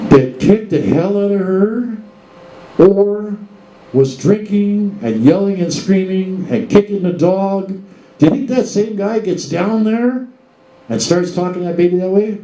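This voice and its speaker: Man, show host, casual monologue full of rhetorical questions, dark tone, echoey room with faint ambience. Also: sits high, lively intonation, unhurried, a little hiss or hum. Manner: rhetorical questions, addresses folks directly.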